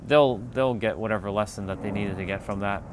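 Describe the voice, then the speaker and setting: Brief: male livestream host, low voice, unhurried and friendly with chat, faint hiss behind. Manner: relaxed, answers chat comments one by one.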